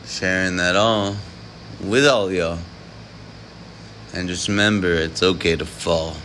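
Low-voiced guy slowly rhyming and preaching on a late night stream, rambly. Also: steady tone, pushed and bright, a little hiss or hum. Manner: rambling, preachy, improvised rhymes with chuckles. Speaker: live streamer.

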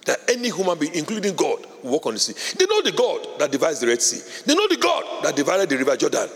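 A male pastor preaching a sermon with fervor, building from quiet, urgent stretches to loud shouted declarations. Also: a little high. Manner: fervent preaching, rising to shouts. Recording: long hall reverb.

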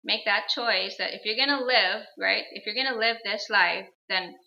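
A woman's voice: mid-range voice, moderate pace, creaky, muffled recording. A woman in her thirties, a guest on an interview show, telling a personal story in an earnest, reflective way and repeating phrases for emphasis.

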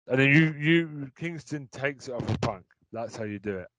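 Man in casual chat, blunt and sweary, middle pitch. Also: lively intonation, moderate pace, a bit bright, no echo, muffled recording.

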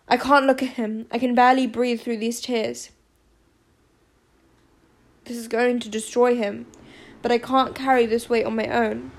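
A woman reading a first-person audiobook narration in a measured, even way. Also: fairly high pitch.

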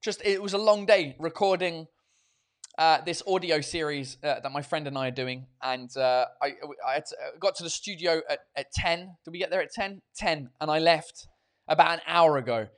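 A man's voice: on the high side, moderate pace, dry recording, studio quality. A tired man, hosting his own podcast and livestream from his kitchen, rambling casually and swearing freely. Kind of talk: casual chat. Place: home kitchen at night.

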